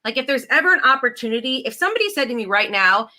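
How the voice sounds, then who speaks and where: A woman's voice: on the high side, expressive, fast, few pauses, sharp tone. A woman, hosting a casual chat in a bubbly, chatty way full of "like". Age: 40s. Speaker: host.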